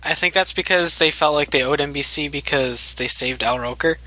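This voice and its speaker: A man's voice: fairly high pitch, brisk, sharp tone, dry recording. A man co-hosting a podcast, chatting casually and rambling with fillers. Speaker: podcast co-host. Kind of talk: casual chat.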